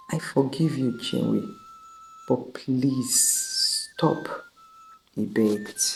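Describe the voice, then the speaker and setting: A woman tells a scripted folk tale in a very deep, gravelly voice. She speaks slowly and with wide swings in pitch. Faint music plays underneath. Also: rough recording. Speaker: storyteller. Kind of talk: scripted story narration.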